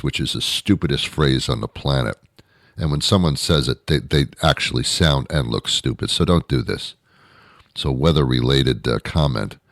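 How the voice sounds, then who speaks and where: A man's voice: extremely low pitch, no room sound, clean studio sound. A man hosting his own show, delivering a rambling, sarcastic comedic monologue with many self-corrections. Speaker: podcast host.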